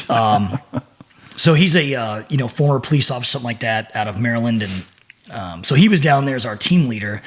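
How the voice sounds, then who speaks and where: A middle-aged man, a former Navy SEAL, recounting a story as a podcast guest, with plenty of swearing and restarted phrases. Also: medium pitch. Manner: profane, animated, repeats words while telling. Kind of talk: casual storytelling.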